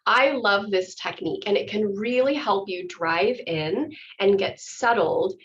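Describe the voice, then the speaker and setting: A woman's voice: medium pitch, measured pace, fairly bright tone, a little hiss or hum. A woman acting teacher giving a chatty, enthusiastic workshop explanation. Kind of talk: workshop instruction. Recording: dull lo-fi audio.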